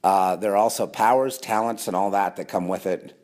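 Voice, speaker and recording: A man's voice: lowish voice, fairly quick, a little mellow. A man delivering a rambling monologue to camera, sarcastic, with mocking asides. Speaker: conspiracy video host.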